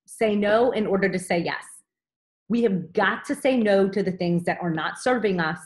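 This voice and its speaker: A woman in her thirties with a mid-range voice gives her team an upbeat, direct motivational training talk, frequently checking in with "okay?".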